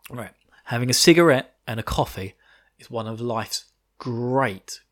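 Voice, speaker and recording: A man's voice: mid-range voice, measured pace. Rambling man, chuckling recap. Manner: rambling, chuckles often, swears casually. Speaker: podcast co-host. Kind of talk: casual anime episode recap.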